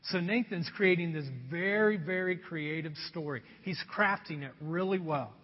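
A man preaching a sermon in a conversational, animated way, acting out voices as he goes. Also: high voice, normal speed. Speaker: pastor. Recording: dull sound with long hall reverb.

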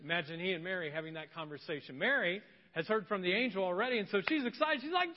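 A high-voiced man delivers a humorous, animated sermon as pastor, slipping into voices for the people in his story. The recording is muffled and carries the long reverb of a church hall. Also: fast talker, hardly any pauses.

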